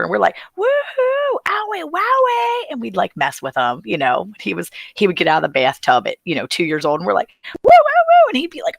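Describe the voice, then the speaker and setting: A woman's voice: low voice, creaky, dry recording. A woman co-hosting a casual livestream chat, telling funny family stories with lots of laughter. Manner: storytelling with lively laughter. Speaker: co-host.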